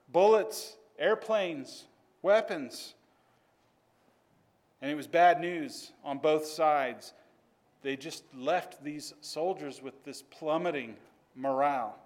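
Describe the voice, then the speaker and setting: A man telling a story to a class in an earnest, measured way. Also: fairly high pitch.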